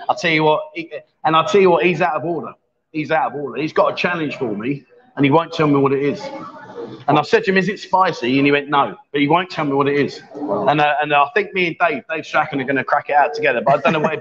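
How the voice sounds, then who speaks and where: High-voiced joking man in his fifties. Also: fast, a crowd in the background. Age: 50s. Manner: jokey, banter-heavy, loud. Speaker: livestream host. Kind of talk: casual live-stream chat. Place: bar in Pattaya. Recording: dull, lo-fi livestream sound.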